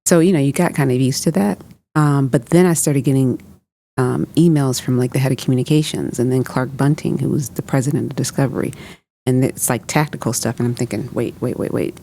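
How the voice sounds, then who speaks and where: A woman in her fifties speaks as a podcast guest, with a gravelly, creaky edge to her voice. Her tone is mellow and dark rather than bright. She tells a personal story conversationally, acting out what people said and filling pauses with "um" and "like". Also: extremely low pitch, fairly even intonation, a little hiss or hum. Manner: recounts events with reported dialogue and frequent fillers.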